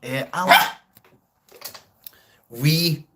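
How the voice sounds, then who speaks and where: Slow-talking Scottish man on a livestream. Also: fairly high pitch, very noisy. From Scotland. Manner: rambling, chuckly, answers viewer comments. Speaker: livestream host. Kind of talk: casual livestream chat.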